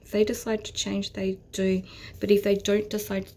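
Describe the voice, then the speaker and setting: A woman giving a rambling, earnest tarot reading, often dropping into soft whispers. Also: medium pitch, completely flat delivery, moderate pace. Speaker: tarot reader. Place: at home with her cat.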